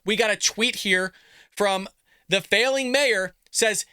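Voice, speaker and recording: Sarcastic guy hosting a commentary show, highish voice, super bright and punchy, dry close sound. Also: takes it slowly, clean tone, no room sound. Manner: sarcastic, animated, laughs at his own jabs. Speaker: political commentary show host. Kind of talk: opinionated commentary reacting to news.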